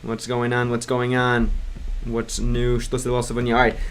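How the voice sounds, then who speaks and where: A man chatting casually on a livestream, rambling with many restarts and fillers and stopping now and then to sound out game text in halting learner's Russian. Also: medium pitch, monotone, clean tone. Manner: clumsy Russian read aloud in a learner's voice. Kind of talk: casual livestream chat reading comments.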